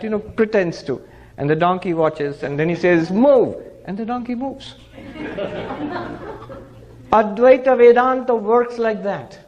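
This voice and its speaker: High-voiced man giving a spiritual talk. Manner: animated storyteller who laughs and chuckles. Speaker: monk giving a spiritual discourse. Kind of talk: spiritual discourse with storytelling.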